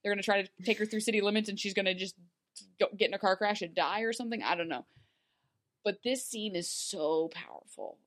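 A woman's voice: mid-range voice, fairly quick. Chatty woman recapping with a laugh. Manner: chatty, animated, many fillers, laughs while talking. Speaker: podcast co-host. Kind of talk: casual recap chat.

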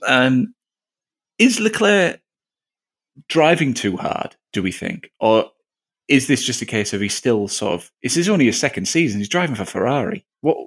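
A man hosts a relaxed sports podcast, cracking jokes and laughing at his own asides. He stumbles and restarts as he talks, and his pitch moves around a lot. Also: normal speed, slightly rough. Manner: jokey, laughs often, stumbles over words. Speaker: podcast host. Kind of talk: casual chat.

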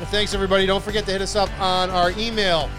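A man's voice: sits high, level tone, fast talker, music in the background. A man co-hosting a podcast, trading crude jokes, laughing often and slipping into put-on voices. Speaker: podcast co-host. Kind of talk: casual crude banter.

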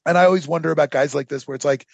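A man's voice: on the high side, racing, creaky, darkish tone, breathy edge, no room sound, lo-fi sound. A man hosting a casual history podcast, telling the story with rambling sarcastic asides and lots of fillers. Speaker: podcast host.

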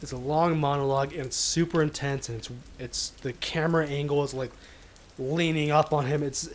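A man co-hosting a podcast, chatting eagerly and quickly about a film with many restarts. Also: on the high side, steady tone, a little hiss or hum. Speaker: podcast co-host. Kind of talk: casual chat about a film.

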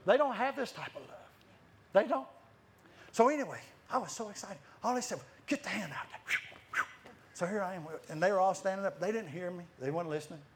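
A man's voice: sits high, lively intonation, a little fast, a little hiss or hum. A man preaching a sermon, telling stories with many restarts and frequent laughter. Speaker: guest preacher. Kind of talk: lively sermon storytelling.

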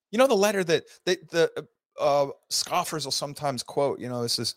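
A man's voice: fairly high pitch, sing-song, fast, fairly bright tone, no room sound. A man giving an earnest, rambling lecture to his class, with heated rhetorical questions. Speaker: teacher hosting an online class. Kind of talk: unscripted lecture to students.

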